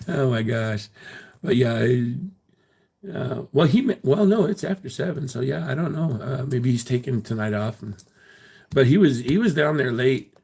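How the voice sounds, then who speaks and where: A man with a gravelly, husky voice hosting his own livestream. He chats casually and answers viewers' comments bluntly and defensively, swearing freely. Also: medium pitch, expressive, unhurried, pauses often, darkish tone. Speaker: livestream host.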